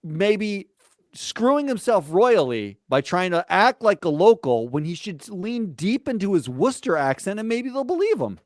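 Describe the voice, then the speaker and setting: Joking man co-host, slightly high voice. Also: moderate pace, dry recording, clean studio sound. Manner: animated, joking, trails off with fillers and restarts. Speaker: podcast co-host. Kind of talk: casual snarky market-news chat.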